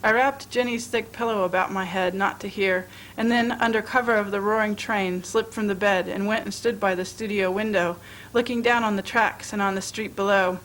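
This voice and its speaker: A woman reading a short story aloud as narrator, in a measured, expressive way. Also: mid-range voice, a little hiss or hum, poor audio. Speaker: reader at a library reading.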